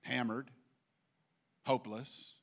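A pastor giving a sermon in church, halting with frequent restarts and then rising to emphatic points. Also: male voice, mid-range voice, flat delivery, vocal fry.

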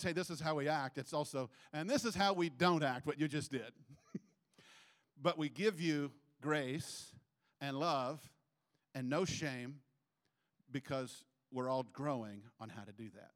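A man preaching a sermon in church, animated and acting out little quoted voices as he goes. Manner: animated, acts out quotes with sudden pitch jumps. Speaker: pastor.

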